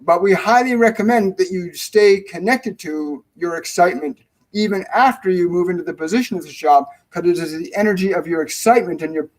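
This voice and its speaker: A man's voice: high voice, a little fast, poor audio. A middle-aged man hosting a live-stream spiritual Q&A, rambling and repeating phrases for emphasis. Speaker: spiritual medium, show host.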